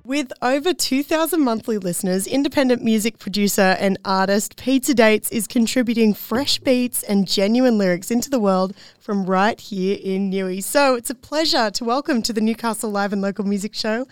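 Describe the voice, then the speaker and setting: A woman's voice: a little high, moderate pace, hardly any pauses, smooth, dry recording. A woman hosting a local music radio show, chatting with bubbly enthusiasm in a studio. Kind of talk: casual radio interview.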